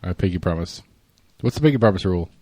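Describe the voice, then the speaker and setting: Fast-talking, lively male podcast host. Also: sits low. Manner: playful, joking. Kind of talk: casual chat.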